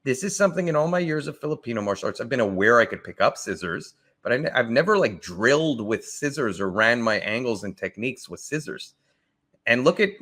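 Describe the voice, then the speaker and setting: A man's voice: medium pitch, fairly bright tone. Enthusiastic man reacting to martial arts. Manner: enthusiastic, thinks aloud with frequent restarts. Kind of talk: casual reaction commentary.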